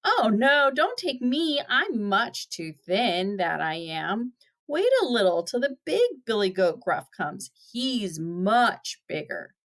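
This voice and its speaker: A woman's voice: a little high, sing-song, slow, heavily acted. A woman doing a nervous middle billy goat. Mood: pleading. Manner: raised, pleading voice.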